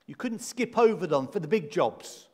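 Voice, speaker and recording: A man's voice: high-pitched, expressive, moderate pace, warm tone, husky. A man preaching a sermon in a church, emphatic, repeating key words and asking rhetorical questions. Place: church hall. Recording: long church reverb.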